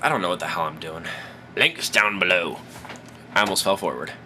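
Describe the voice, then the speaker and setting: Hosting his own advice vlog, a drunk man tells a rambling, profane story. His deep voice races along with a bright, forceful tone, and there's slight background noise.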